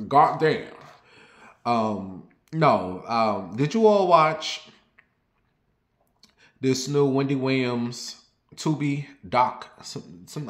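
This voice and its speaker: A young man chatting candidly to his viewers, confiding and rambling, then lively and sassy when he tells a story. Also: mid-range voice. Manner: turns lively and sassy when telling stories. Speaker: vlogger. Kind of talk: casual personal chat to camera. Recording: roomy echo.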